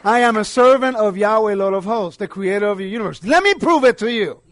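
A man preaching a sermon, emphatic, swinging between quiet asides and loud declarations. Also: high voice, lively intonation, a little fast, no room sound.

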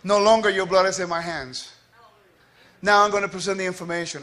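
A man giving a quick, scattered and playful teaching to a congregation, joking with the listeners as he goes. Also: high-pitched, fairly even intonation, sharp tone. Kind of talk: lively spoken teaching.

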